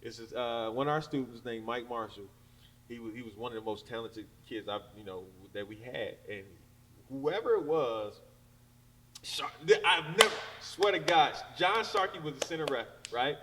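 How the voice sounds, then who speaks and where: A man telling a story in casual chat. He talks in an animated way, laughs a lot and breaks into loud acted shouts. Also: medium pitch, normal speed. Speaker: podcast co-host. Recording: distant mic with background noise.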